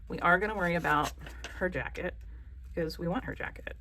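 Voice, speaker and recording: A woman's voice: lowish voice, fairly quick, pushed and bright. A woman with a Southern American accent hosts a casual craft tutorial, chatty, joking and encouraging. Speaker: craft channel host.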